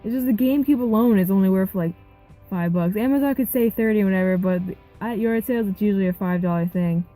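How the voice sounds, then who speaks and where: A young woman vlogger telling a rambling, animated story about a yard sale, with quoted back-and-forth. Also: medium pitch, quick pace, faint music behind, poor audio. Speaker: gaming vlogger. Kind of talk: casual storytelling vlog.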